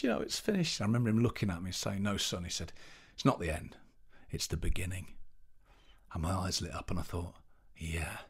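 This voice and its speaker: Panto guy chatting in an interview, lowish voice, keeps restarting mid sentence, full of stories. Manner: animated anecdotal storyteller, restarts while searching for words. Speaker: interview guest, pantomime performer. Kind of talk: casual interview chat.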